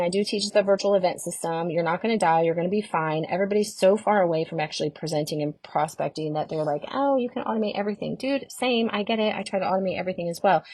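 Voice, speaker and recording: Chatty middle-aged female coach, lower register, animated live-stream delivery, dry close-miked sound. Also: no echo. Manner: chatty and animated, greets viewers by name. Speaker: network marketing coach.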